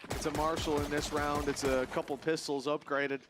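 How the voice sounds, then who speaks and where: High-pitched play-by-play caster. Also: male voice, over music. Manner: energetic, quick reactions. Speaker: esports caster. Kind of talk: play-by-play commentary.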